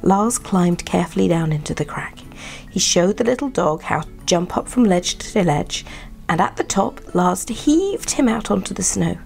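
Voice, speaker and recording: Gentle woman storyteller, hushed and half-whispered, melodic delivery. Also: lowish voice, lively intonation, normal speed, creaky, faint music behind. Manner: soft, partly whispered. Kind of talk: soft bedtime story reading.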